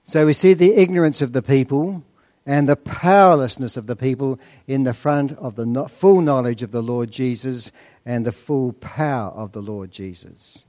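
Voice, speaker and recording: A man preaching a sermon, asking rhetorical questions and slowing down to stress key points. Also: mid-range voice, darkish tone.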